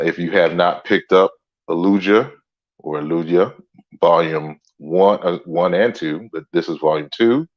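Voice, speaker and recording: A man hosting a relaxed livestream lecture, greeting viewers by name as he talks. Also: low-pitched, lo-fi sound. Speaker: livestream host and author. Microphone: computer mic on a stand.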